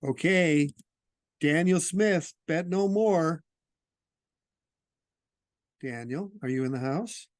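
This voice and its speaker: A man hosts an online poetry open mic over a video call, with brief, warm encouragements for each poet. He speaks slowly in a mid-pitched voice, and the sound is dry. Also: no room sound. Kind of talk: casual hosting.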